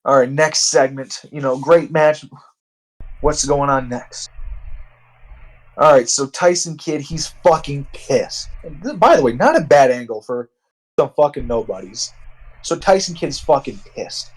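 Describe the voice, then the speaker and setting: A man's voice: mid-range voice, lively intonation, measured pace, low-quality recording. A man narrating a wrestling sim game in casual, profane, rambling commentary. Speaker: let's-play narrator.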